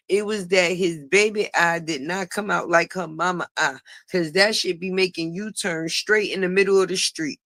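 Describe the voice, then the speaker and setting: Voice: mid-range voice, normal speed, hardly any pauses, a bit bright, dry recording, clean studio sound. A channel host giving a blunt, profane gossip commentary, repeating points for emphasis and laughing mockingly.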